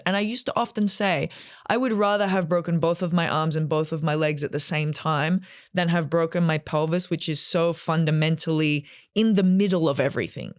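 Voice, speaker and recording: A woman in her thirties telling a personal story to camera in a chatty, animated way, acting out what people said. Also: on the low side, no echo, clean studio sound. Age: 30s. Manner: chatty and animated, acts out quotes. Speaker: vlogger.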